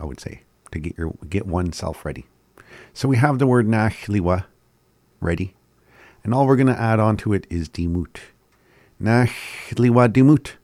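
A man giving a casual language lesson, slowly repeating words and chuckling often. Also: sits low, darkish tone, no room sound. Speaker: language teacher.

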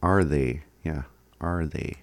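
A man teaching phrases in a casual recorded lesson, chuckling often and sounding words out slowly. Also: rumbling low, gravelly, no echo, studio quality. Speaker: language teacher.

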